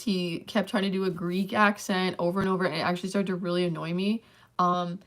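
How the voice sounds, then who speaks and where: A young woman talks loosely to her viewers, her voice sitting a little low for a woman. She wanders from one thought to the next and keeps filling the gaps with "um" and "like". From Canada. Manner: rambling, filler-heavy talk with many likes and ums. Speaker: channel host. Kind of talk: casual livestream chat.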